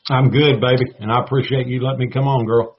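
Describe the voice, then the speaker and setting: A man in his forties with a Southern US drawl talks as a guest, folksy and playful, sprinkling in baby and y'all. His voice is husky. The audio is muffled and lo-fi. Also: medium pitch, steady tone, fast talker. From North Florida, United States. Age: 40s. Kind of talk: casual talk show conversation.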